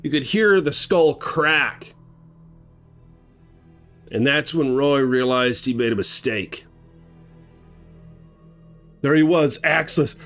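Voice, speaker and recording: A man telling a grim story casually, animated and conversational, acting out sounds as he goes. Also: on the high side, slow pace, long pauses, faint music behind.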